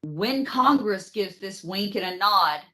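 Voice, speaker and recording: A woman's voice: medium pitch, unhurried. A woman hosting a podcast, telling history in a casual, profane, joking way. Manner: profane, animated storytelling with mock voices. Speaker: podcast host. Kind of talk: casual comedic history chat.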